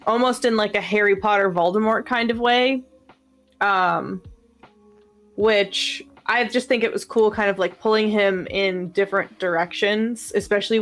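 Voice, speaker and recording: A woman co-hosting a casual podcast discussion, talking enthusiastically with lots of fillers. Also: medium pitch. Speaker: podcast co-host.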